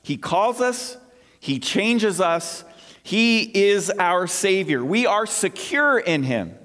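High-voiced man preaching in a reverberant church. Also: sing-song, slow pace, a bit bright. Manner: repetitive, emphatic preaching. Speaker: pastor. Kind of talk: sermon.

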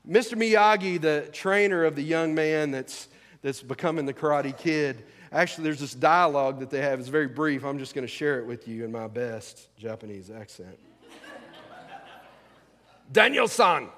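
A man's voice: a little high, normal speed, fairly bright tone. A male pastor preaching a sermon in a folksy, conversational way, asking the congregation questions. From rural American South. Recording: long hall reverb.

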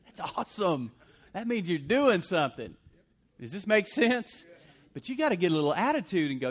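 A man preaching a sermon as pastor, swinging between loud punchy lines and quiet asides. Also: high-pitched, big pitch swings, normal speed.

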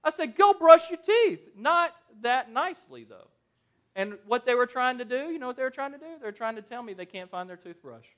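Male pastor, thirties, high-pitched, casual and conversational sermon style. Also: fast talker. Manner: conversational and animated, asks the congregation questions.

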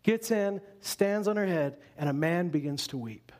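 With a voice that sits high, a male pastor preaches to his congregation in a lively, conversational way, tossing out quick asides as he goes.

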